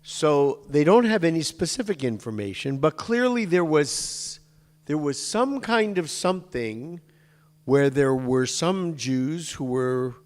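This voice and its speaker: Unhurried man teaching in an echoey hall. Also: fairly high pitch, expressive. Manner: chatty, digressive, jokes with the class. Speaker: synagogue teacher. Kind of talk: informal lecture to a class. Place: synagogue classroom. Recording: long hall reverb.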